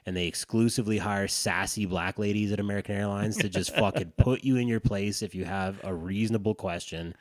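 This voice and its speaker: A man's voice: deep voice, no echo, clean studio sound. A man co-hosting a dads' podcast, telling a rambling, profane story in casual chat. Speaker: podcast co-host.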